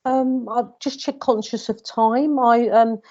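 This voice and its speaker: A woman's voice: a little high, steady tone, slow pace, darkish tone, no echo. Earnest woman on a dull call. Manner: earnest, hesitant with many restarts. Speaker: mediator. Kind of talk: panel discussion storytelling.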